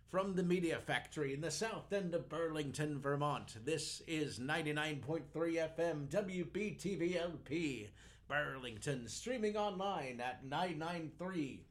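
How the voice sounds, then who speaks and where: A man hosting a live community radio show, chatting casually and joking in playful pirate lingo from a station studio. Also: on the high side. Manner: jokey, chuckles at his own puns, slips into pirate lingo.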